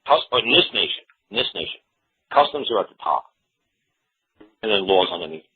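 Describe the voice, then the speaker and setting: Guy lecturing on common law, folksy and repetitive, husky voice, tinny phone sound. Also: fairly low pitch, expressive, brisk. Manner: folksy, repetitive, acts out quoted exchanges. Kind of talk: casual teaching talk. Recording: tinny phone-line audio.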